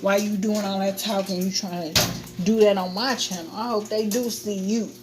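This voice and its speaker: A woman's voice: medium pitch, fairly even intonation, normal speed, very noisy. Woman, livestream host, blunt, heated, casual chat. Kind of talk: casual venting chat to viewers.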